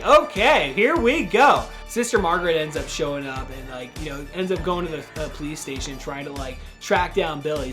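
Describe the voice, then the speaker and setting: A man's voice: a little high, a bit bright. Laid-back, foul-mouthed man recapping a film. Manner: rambling, profane, laid-back, peppered with "dude" and quick acted-out quotes. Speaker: podcast host reviewing a horror film. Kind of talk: casual movie recap chat.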